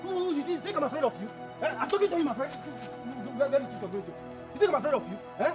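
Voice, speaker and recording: An actor with a Nigerian accent playing a poor, hot-tempered younger brother who stammers and repeats himself, in a film drama. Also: male voice, very high voice, expressive, rapid-fire, over music. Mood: defiant. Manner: stammering, repeats words, challenging.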